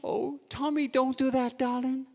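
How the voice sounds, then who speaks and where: A man voicing a soft-spoken, permissive mother who coaxes her child in a sweet, tearful tone. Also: high-pitched, lively intonation, normal speed. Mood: coaxing. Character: soft-spoken permissive mum, gently pleading. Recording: long reverb of a hall.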